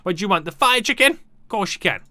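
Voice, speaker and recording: Young male gaming YouTuber, chatty and animated, dry mic. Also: high-pitched, fast, no echo. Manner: playful, chatty, talks to game customers. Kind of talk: casual gameplay commentary.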